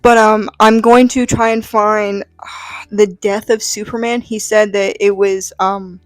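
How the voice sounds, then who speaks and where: A woman's voice: mid-range voice, flat delivery, measured pace, no room sound, faint music behind. Rambling young woman with a dry, close sound. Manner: rambling, with many fillers and "like"; enthusiastic and chatty. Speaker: comic book vlogger. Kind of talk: casual comic book breakdown.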